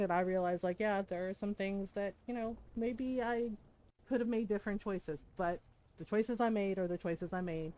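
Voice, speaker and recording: A woman's voice: fairly low pitch, a little mellow, slight background noise. A woman in her forties, streaming a game, telling family stories in a candid, laughing way and swearing freely. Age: 40s. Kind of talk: casual storytelling chat.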